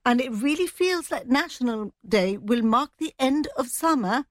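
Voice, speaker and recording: A woman, a news editor talking through the week's stories in a brisk, chatty way, dropping in Spanish phrases. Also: high-pitched, animated, no echo. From Gibraltar. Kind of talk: radio news chat.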